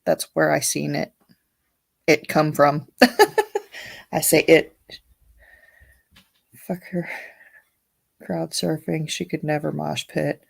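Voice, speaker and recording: A woman's voice: low voice, little pitch movement, slow pace, creaky, pauses often. A woman hosting a casual livestream, reading viewer comments aloud and chatting bluntly, with frequent swearing and laughter. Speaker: livestream host.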